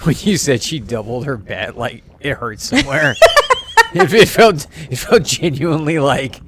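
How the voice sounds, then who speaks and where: A man co-hosting a let's play stream, animated and exclaiming, joking at his own expense. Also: medium pitch, moderate pace, loud music behind the voice. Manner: animated, exclaiming, self-mocking. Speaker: streamer, co-host. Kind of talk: casual let's play chat.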